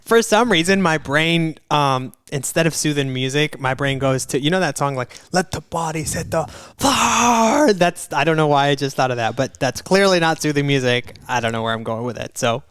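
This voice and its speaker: A young man co-hosting a podcast, chatting in a relaxed, joking way. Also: mid-range voice, fairly quick, few pauses, clear, resonant tone, no echo. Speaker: podcast co-host. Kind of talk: casual podcast talk.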